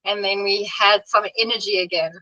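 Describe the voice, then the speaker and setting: A woman's voice: medium pitch, fairly even intonation, a little fast, pushed and bright, no echo. A woman telling a story as an interview guest, laughing often as she talks. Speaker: interview guest, trail runner. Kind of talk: casual conversation. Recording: dull lo-fi sound.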